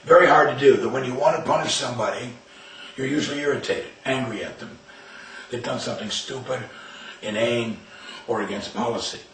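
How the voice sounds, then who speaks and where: Older male speaker, emphatic storyteller, mid-pitched, miked from afar in an echoey room with faint hiss. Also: brisk, fairly bright tone. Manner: anecdotal, emphatic, acts out quoted lines. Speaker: speaker on discipline and verbal judo. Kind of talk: storytelling talk. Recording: far from mic in a roomy space with faint noise.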